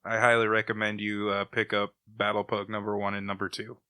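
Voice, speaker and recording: A man co-hosting a comic book podcast, retelling a story in an animated, casual way with chuckles. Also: lowish voice, brisk, smooth. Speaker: podcast co-host reviewing comics. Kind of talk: casual chat.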